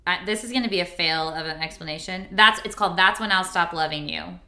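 Chatty woman podcaster, bright and roomy. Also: lowish voice, fast. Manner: chatty, storytelling, reads lyrics aloud. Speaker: podcast co-host. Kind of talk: casual chat about songs.

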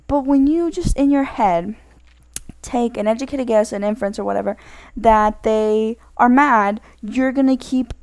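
A woman's voice: fairly high pitch, moderate pace, darkish tone, no room sound. A woman giving casual spoken advice in a rambling way, correcting herself often and filling her talk with "like". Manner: rambling, self-correcting, many "like" fillers.

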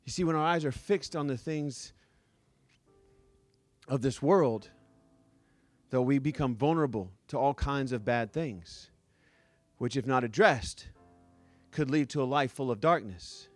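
A male pastor preaching a sermon as a lively, joking storyteller who acts out the scenes he describes. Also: medium pitch, unhurried, pauses often, no echo, faint music behind.

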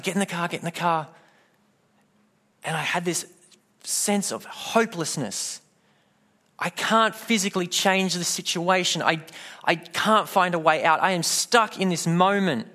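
Casting: male pastor, slightly high voice, storytelling sermon delivery. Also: pushed and bright. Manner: storytelling, acts out quoted voices.

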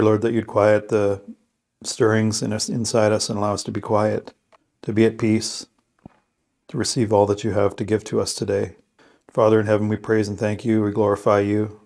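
A man with a somewhat low voice who prays, reads scripture and reflects in an earnest, thoughtful way. He talks with pauses and restarts as he works through his thoughts. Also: flat delivery, darkish tone. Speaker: co-host of a scripture podcast. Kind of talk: prayer, scripture reading and casual reflection.

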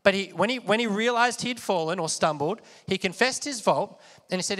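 A man preaches briskly in a high-sitting, fairly bright voice, keeping things conversational. He repeatedly asks the listeners questions and leads them in repeating words, with long hall reverb on the recording.

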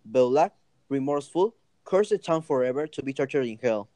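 A man's voice: medium pitch, animated, fairly quick, mellow, no room sound, lightly acted. A man voicing a mournful old male ghost in an amateur radio drama, reading his lines in a sad, nervous way. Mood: sorrowful.

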